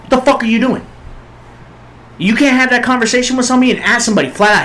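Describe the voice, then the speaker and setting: A man's voice: very high voice, racing, a bit bright, rough recording. A man co-hosting a podcast, talking bluntly in casual chat and swearing a lot for emphasis. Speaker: podcast co-host.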